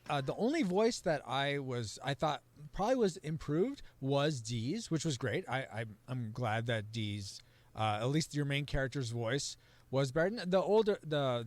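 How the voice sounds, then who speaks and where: A man's voice: mid-range voice, very animated, moderate pace. A man guesting on a podcast, venting in casual chat with mock outrage.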